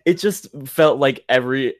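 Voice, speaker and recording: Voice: mid-range voice, measured pace, no room sound, studio quality. A young adult co-hosting a podcast in casual chat, easygoing and agreeable, chuckling often. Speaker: podcast co-host.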